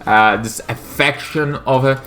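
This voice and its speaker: A man from Belgium with a Flemish Dutch accent and Flemish Dutch as his first language. He gives casual, rambling commentary on comics, swearing freely and stumbling over fillers. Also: medium pitch. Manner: profane, excitable, halting with many fillers.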